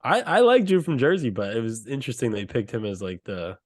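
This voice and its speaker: A man co-hosting a casual chat, his pitch swinging up and down as he jokes and reacts. He is excitable, breaks into laughter often and curses without a second thought. His voice sits at a middling pitch. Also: a little fast. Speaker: co-host.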